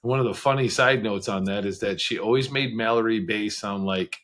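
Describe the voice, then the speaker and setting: A man speaking as a podcast guest, telling his story in a frank, conversational way with quick bursts of speech and occasional laughs. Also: lowish voice, fairly bright tone. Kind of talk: candid storytelling interview.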